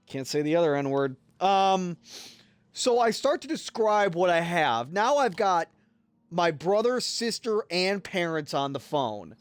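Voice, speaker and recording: A man streaming a game and telling a rambling, profane story in a casual, animated way. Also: sits high, a little slow, clean tone, dry recording, faint music behind. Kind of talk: casual storytelling while gaming.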